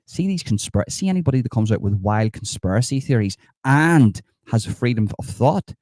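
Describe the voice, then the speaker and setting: Guy doing a sarcastic smug politician, mock outrage, mellow dark tone, dry close sound. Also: mid-range voice, lively intonation, moderate pace, no echo, natural voice. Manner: sarcastic, mocking, reads comments and scoffs at them. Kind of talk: satirical live-stream impression.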